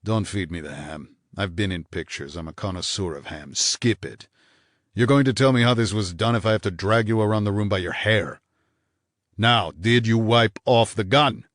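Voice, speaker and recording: A man voicing a bitter, menacing husband in an audiobook, snarling low and clipped with contempt. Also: normal speed, fairly bright tone, no echo, clean studio sound, natural voice. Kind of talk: audiobook character voice.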